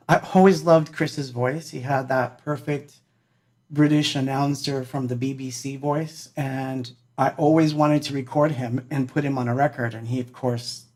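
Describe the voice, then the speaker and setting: A man's voice: on the high side, darkish tone. A man, a musician hosting a livestream, chatting casually and rambling with lots of fillers and laughs.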